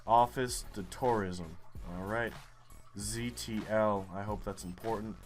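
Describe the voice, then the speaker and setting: A man's voice: fairly low pitch, fairly even intonation, a little slow, soft background music. A young man giving profane, frustrated commentary while playing a geography guessing game. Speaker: gaming YouTuber. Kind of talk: live gameplay commentary.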